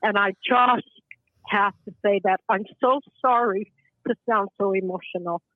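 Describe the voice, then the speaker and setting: A woman in her seventies calling in to a show, speaking in a halting, impassioned way with bursts of anger. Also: medium pitch, no echo. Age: 70s. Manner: halting, impassioned, angry outbursts. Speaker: caller. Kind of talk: emotional call-in testimony. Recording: tinny phone line.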